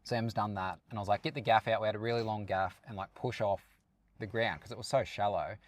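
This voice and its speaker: A man's voice: lowish voice, steady tone, fairly quick. Laid-back man, blunt and sweary. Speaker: podcast co-host. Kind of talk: casual storytelling chat.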